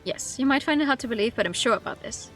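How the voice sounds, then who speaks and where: A woman's voice: on the high side, expressive, fast, faint music behind, close to an everyday voice. A woman reading as an earnest headstrong young man. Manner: earnest, pleading.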